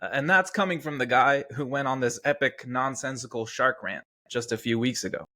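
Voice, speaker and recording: A man hosting a podcast, talking through political commentary in a casual, sarcastic way. He chuckles often as he talks, and his voice sits at an ordinary middle pitch. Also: fairly quick, pushed and bright. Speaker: podcast host.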